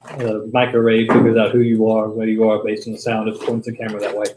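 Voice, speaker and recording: A man's voice: fairly low pitch, monotone, fast talker. A man chatting and joking casually with others at a user group meeting. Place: meeting room. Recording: roomy meeting room, faint noise.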